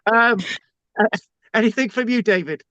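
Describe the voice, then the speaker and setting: A man's voice: high voice, normal speed, sharp tone, no room sound, dull audio. Chatty British man lecturing online. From Britain. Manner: chatty, joking, frequent restarts. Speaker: lecturer hosting an online class. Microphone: video call.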